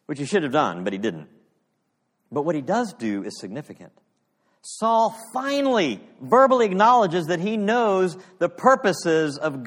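A male pastor delivering an earnest sermon, reading scripture with dramatic pauses. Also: fairly high pitch, in a large hall.

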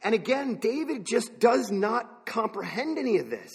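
A man's voice: very high voice, very animated, normal speed, creaky, few pauses, husky, long reverb tail. A man preaching a sermon in a conversational way, asking the listeners questions. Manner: conversational, asks the listeners questions, wanders into side thoughts.

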